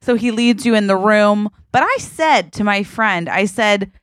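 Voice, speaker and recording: A young adult woman co-hosting a podcast, telling a story in an animated, dramatic way and tagging lines with "okay?". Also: mid-range voice, unhurried, dry recording, clean studio sound. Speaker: podcast co-host. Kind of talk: casual storytelling chat.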